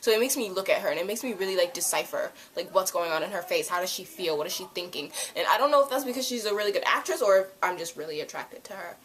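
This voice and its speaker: A young woman reviewing a TV episode in a casual, rambling chat to camera, full of "like" and quick asides. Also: lowish voice, slight background noise. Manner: rambling, animated, lots of "like".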